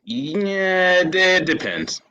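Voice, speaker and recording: A man's voice: high voice, sing-song, extremely slow, sharp tone, clean tone, muffled recording. A man co-hosting a casual movie review chat, sarcastic and mimicking bad accents. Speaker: podcast co-host.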